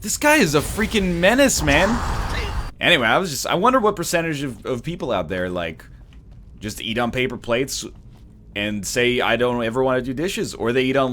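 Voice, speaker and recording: Young guy streaming and rambling on, really lively up-and-down voice, bright sound. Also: medium pitch, slight background noise. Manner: animated, rambling, tries celebrity impressions. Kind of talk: casual chat while playing a game.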